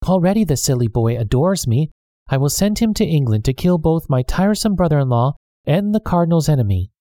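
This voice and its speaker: A man's voice: on the high side, animated, brisk, dark tone, no echo, clean studio sound, pitched above the performer's own voice, natural voice. A man voicing a cruel scheming noblewoman, sneering and contemptuous. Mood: scornful. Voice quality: sneering, scornful.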